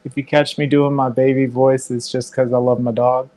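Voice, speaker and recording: A young man leading a home yoga class as instructor, giving calm, slow breathing cues. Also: medium pitch.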